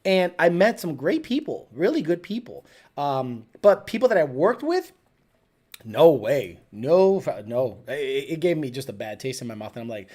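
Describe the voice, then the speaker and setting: Animated, profane woman telling stories. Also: sits low, moderate pace. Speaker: live show host. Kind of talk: casual storytelling.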